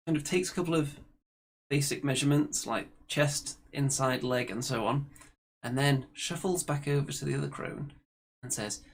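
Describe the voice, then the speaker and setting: A man narrating a tabletop game as game master, dramatic and storytelling. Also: medium pitch.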